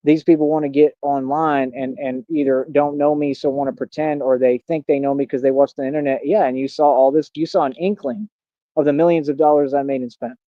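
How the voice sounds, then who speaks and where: A man's voice: mid-range voice, steady tone, fairly quick, dry recording. A man in his thirties ranting on a livestream in a brash, boastful, confrontational way. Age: 30s. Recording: dull lo-fi dry sound.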